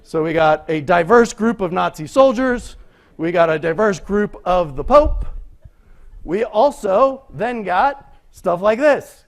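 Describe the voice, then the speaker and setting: A man's voice: high voice, sing-song, measured pace. A man giving a conference talk in a conversational way, often asking rhetorical questions and checking in with "right?". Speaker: conference speaker. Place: lecture room.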